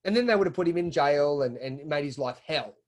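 A man's voice: on the high side, animated, a little fast, darkish tone. A man with an Australian accent, talking animatedly in a casual podcast conversation, often repeating words as he builds his point. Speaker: podcast guest.

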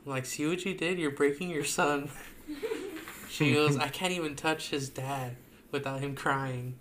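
A man's voice: fairly high pitch, steady tone, normal speed, background noise. A young man co-hosting a casual podcast, telling a family story in slang with playful mimicry. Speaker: podcast co-host.

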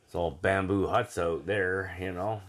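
Rambling, swearing Canadian man, lowish voice. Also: fairly even intonation, a little slow, a bit bright. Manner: rambling, swears freely, many fillers. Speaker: guest telling travel stories. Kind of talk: casual storytelling chat.

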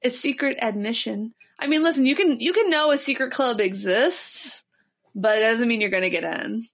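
A woman's voice: on the high side, moderate pace, a bit bright. A woman from Ohio hosting a podcast, chatting and joking with a casual, swearing manner. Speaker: podcast host. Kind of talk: casual chat.

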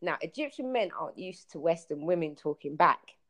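A woman's voice: low-pitched, brisk. A woman, telling travel stories in a casual podcast chat over a call, acting out what people said. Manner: animated storyteller, acts out quotes.

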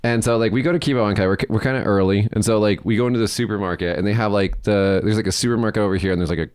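A man's voice: lowish voice, very fast, clean tone, dry recording, studio quality. Laughing, profane man telling a story. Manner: animated, swears freely, laughs through his story. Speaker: podcast co-host. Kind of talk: casual storytelling chat.

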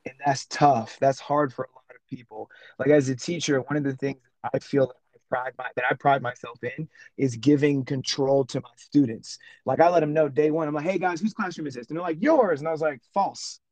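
Fast-talking animated male teacher. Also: medium pitch, no echo, poor audio. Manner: animated storyteller, acts out classroom exchanges. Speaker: teacher and podcast co-host. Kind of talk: casual podcast chat.

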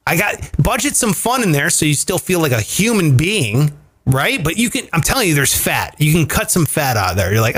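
Animated, profane male show host. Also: fairly high pitch, a little fast, slightly rough. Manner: animated, profane, emphatic explaining. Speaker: podcast host. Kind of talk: casual chat show.

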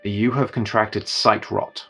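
A man narrating a tabletop game as its game master, in a relaxed, chuckling way. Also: fairly low pitch, takes it slowly, creaky, faint music behind.

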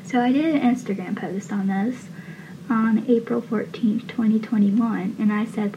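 A woman's voice: on the high side, steady tone, measured pace, warm tone. Emotional woman recapping a TV scene. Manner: emotional, rambling with many fillers. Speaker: TV show fan vlogger. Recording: dull lo-fi with faint hiss.

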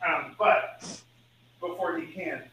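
On a lo-fi, roomy recording with a distant mic and faint noise, a podcast co-host describes a movie plot in casual chat. He talks slowly in a fairly high voice, rambling, laughing frequently, and swearing freely.

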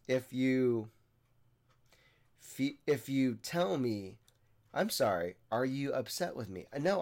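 Earnest and rambling, a young podcaster talks on his own in a casual way, repeatedly starting sentences again. His voice is medium in pitch with a darkish tone.

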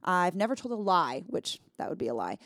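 A woman's voice: on the low side, sing-song, a little fast, fairly bright tone, dry recording, clean studio sound. A woman co-hosting a casual Bible study chat, earnest and emphatic, thinking aloud as she explains. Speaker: podcast co-host.

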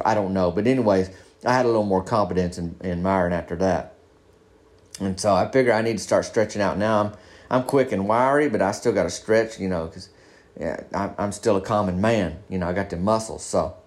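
A man's voice: medium pitch, brisk, a little mellow. A man with a drawl tells a meandering comic story in character. He talks in a folksy, down-home way, with an ordinary mid-range voice and easy pacing. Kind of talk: first-person comedic monologue in character.

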